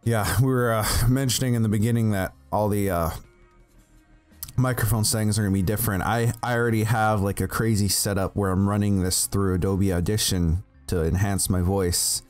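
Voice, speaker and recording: A man's voice: fairly low pitch, steady tone, moderate pace, a little mellow. A man chatting casually over voice chat before a tabletop game, rambling and restarting as he explains his setup. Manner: rambling, laughs often, restarts. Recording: desktop voice chat audio with faint music.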